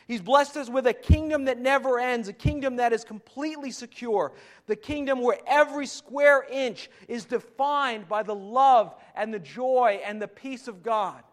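A man with a very high voice preaches a sermon as if chatting with his congregation. He stumbles and restarts, then rises to emphatic points. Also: moderate pace. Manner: conversational preaching with frequent restarts and rising emphasis. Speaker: pastor.

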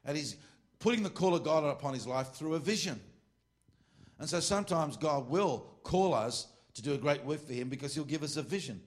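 A man's voice: fairly high pitch, lively intonation, brisk. A middle-aged Australian man preaching an informal sermon to a ministry class, rambling, joking and correcting himself as he goes. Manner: rambling and joking, with frequent asides and self-corrections.

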